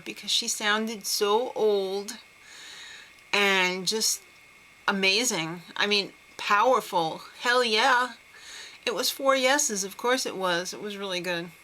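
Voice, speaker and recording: A woman's voice: mid-range voice, pushed and bright, a little hiss or hum, low-quality recording. A young woman recapping a TV talent show in a casual, chatty and sarcastic way. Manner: chatty, sarcastic, giggly asides.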